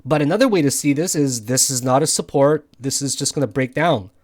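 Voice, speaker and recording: A tired man giving live commentary on his trades, frustrated and swearing often as he thinks out loud. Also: medium pitch, a little fast. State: tired from no sleep. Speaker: crypto day trader. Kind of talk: live trading commentary over charts.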